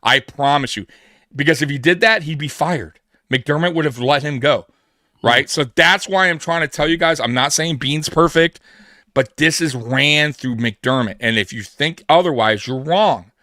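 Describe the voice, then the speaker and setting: A man's voice: on the high side, normal speed, bright, forceful tone, no echo, clean studio sound. A man co-hosting a live sports pregame show, talking emphatically and acting out quoted dialogue to make his point. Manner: emphatic, repeats himself, acts out quoted dialogue. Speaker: podcast co-host. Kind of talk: casual sports talk.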